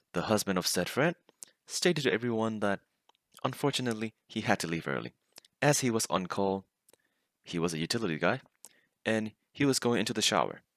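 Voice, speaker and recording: Amused low-voiced man reading stories. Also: a bit bright, no room sound, clean studio sound. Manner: amused, often laughing as he reads. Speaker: storyteller reading online stories. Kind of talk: casual narration of funny stories.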